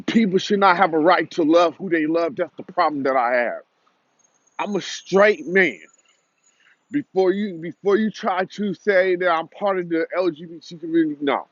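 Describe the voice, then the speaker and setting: A man's voice: on the high side, no echo, highs cut off. A young man delivering a heated, repetitive, confrontational commentary rant.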